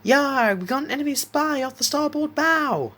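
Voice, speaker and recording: A shrill young boy. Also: big pitch swings, measured pace, a bit bright, slightly rough, heavily acted. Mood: playful. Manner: squealing, high falsetto.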